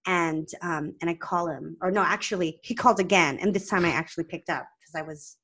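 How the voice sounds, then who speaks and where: A woman with a slightly low voice tells a story on a podcast, speaking casually and animatedly. She fills her speech with "like" and restarts sentences, and she swings into lively retellings of what others said. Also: brisk, breathy edge. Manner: chatty, many "like"s and restarts. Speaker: podcast host and practice owner. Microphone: podcast microphone.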